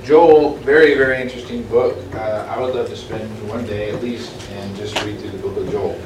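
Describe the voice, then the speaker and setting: Bible study leader, man, mid-pitched, halting delivery, distant mic in a reverberant room. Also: fairly even intonation. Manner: halting, restarts often, slows for reading. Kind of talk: group Bible study, reading scripture aloud. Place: room with a small group. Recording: echoey room, distant mic, background noise.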